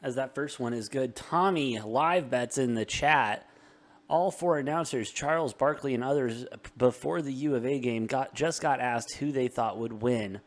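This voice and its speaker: A young man hosts a live sports betting stream, calling plays quickly and bantering between them. His voice sits at an ordinary middle pitch, energetic and chatty. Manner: rapid, energetic play-by-play with self-deprecating banter. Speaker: sports betting show host. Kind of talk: live sports commentary and chat.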